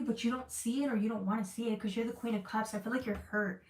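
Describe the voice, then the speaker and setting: A woman's voice: a little high, fairly even intonation, fast talker, far from the mic. A woman giving a casual tarot reading, talking emotionally and repeating herself as she searches for words. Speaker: tarot reader. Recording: echoey room, voice off-mic.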